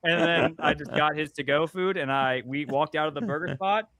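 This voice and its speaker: Brief: male comic creator, slightly higher voice, animated storyteller. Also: normal speed, a crowd in the background. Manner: lively, profane, acts out quotes. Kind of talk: casual storytelling chat.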